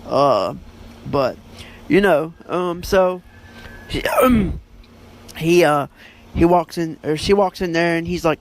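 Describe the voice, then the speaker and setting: A man's voice: fairly high pitch, lively intonation, takes it slowly, pauses often. A man hosting a podcast, giving a casual book review in a rambling way, full of fillers and self-corrections. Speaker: podcast host.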